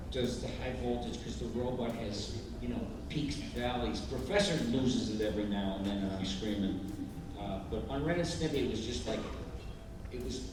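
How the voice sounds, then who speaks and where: Older male voice actor on a panel, lively storyteller, distant roomy hall mic. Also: medium pitch. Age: 70s. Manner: animated storyteller, bursts into character voices. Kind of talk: convention panel Q&A. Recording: echoey hall from far off, noisy.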